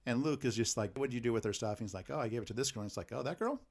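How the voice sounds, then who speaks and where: A man's voice: medium pitch, rapid-fire, a little mellow, slight background noise. A man co-hosting a podcast, casually recapping a film's plot and acting out the characters' lines. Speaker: podcast co-host.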